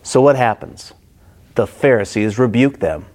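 A man's voice: medium pitch, big pitch swings, a little slow, darkish tone. A middle-aged man preaching a Bible-study sermon, acting out the quoted characters expressively.

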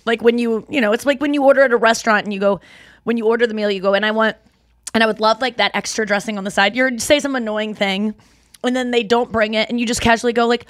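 A woman's voice: fairly high pitch, fairly even intonation, quick pace, fairly bright tone, no echo, clean studio sound. A woman co-hosting a podcast, ranting with animation and acting out the people she quotes. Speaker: podcast co-host. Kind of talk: casual chat.

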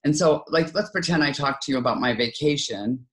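A woman's voice: sits low, fairly quick. A middle-aged woman, an author as interview guest, giving conversational advice and acting out example dialogue. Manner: lively, acts out quoted dialogue in other voices.

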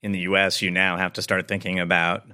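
A man's voice: low voice, flat delivery, fast talker, bright, forceful tone, clean tone. A man hosting a podcast, asking questions in a joking, rambling way with many fillers. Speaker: podcast host. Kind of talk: conversational podcast interview.

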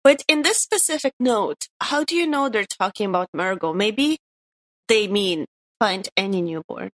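Lively, playful questioning woman. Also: mid-range voice, moderate pace, rough recording. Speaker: podcast co-host. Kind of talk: casual chat about game lore.

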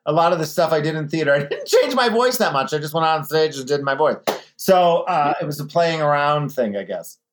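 A man being interviewed in a casual chat, an animated storyteller who slips into other people's voices now and then. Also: a little high. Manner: chatty, animated storyteller, mimics voices in anecdotes. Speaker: guest, drag performer.

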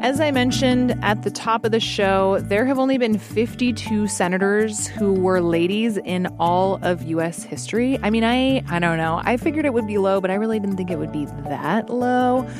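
A woman's voice: mid-range voice, moderate pace, hardly any pauses, over music. A woman with a Midwestern American accent hosting a podcast, chatty and playful in casual talk. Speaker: podcast host.

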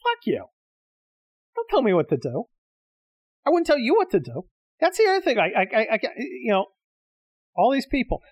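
A man's voice: very high-pitched, huge pitch swings, normal speed, pauses often, breathy edge, no room sound. Profane ranting middle-aged man. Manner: profane, combative, exasperated ranting. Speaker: host of his own show. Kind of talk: solo ranting monologue.

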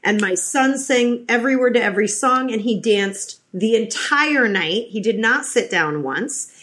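A woman's voice: a little high, animated, measured pace, a bit bright. Chatty woman telling stories. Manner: chatty storyteller with many restarts. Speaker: podcast guest. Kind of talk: casual interview chat.

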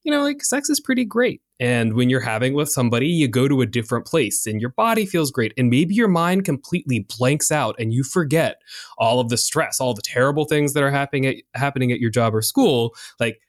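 A man's voice: mid-range voice, a little fast, no room sound, studio quality. A man co-hosting a podcast in casual chat, with a slightly nasal voice, rambling with lots of fillers. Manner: rambling, animated, many fillers. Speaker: podcast co-host.

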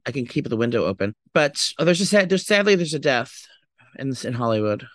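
A man talking fast in a dry, close-miked room. He co-hosts a casual podcast and gossips with dramatic flair. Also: medium pitch, big pitch swings, dry recording. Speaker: podcast co-host. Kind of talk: casual chat.

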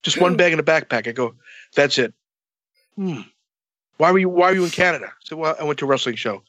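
A man telling a long story in a casual, animated way, swearing a lot and acting out both sides of the dialogue. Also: a little high, fast, dry recording, dull audio.

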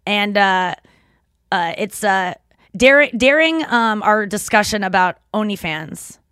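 A woman hosting a podcast in casual chat, rambling and animated, laughing often as she talks. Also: mid-range voice, slow pace, smooth, no room sound, clean studio sound. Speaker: podcast host.

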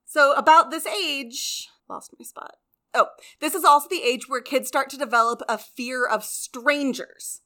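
A woman with a bright, fairly high voice talks through research in a relaxed podcast chat. She explains things plainly, swears casually and laughs often. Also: a little slow. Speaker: podcast co-host.

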